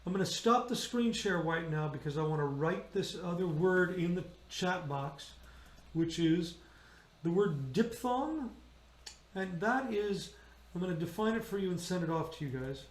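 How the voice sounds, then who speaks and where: A man's voice: high voice, expressive, measured pace, echoey room. A man leading an online choir rehearsal, patiently explaining vowels and singing them as he demonstrates. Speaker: choir director.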